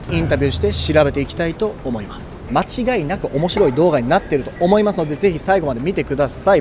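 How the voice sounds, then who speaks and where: Lively Japanese-accented man, street interview. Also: a little high. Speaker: YouTube interviewer. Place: city street outdoors.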